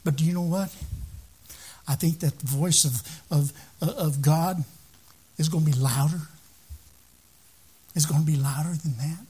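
A man's voice: a little high, measured pace, pauses often, mellow, slightly rough. A man preaching a sermon as pastor, talking to the congregation and often repeating words and restarting phrases.

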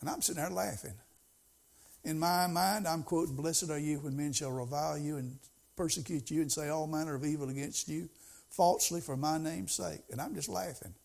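A man's voice: a little high, fairly even intonation, fairly quick, vocal fry, a little mellow. A middle-aged man preaching a sermon as pastor, in a folksy, conversational way that rises to emphasis.

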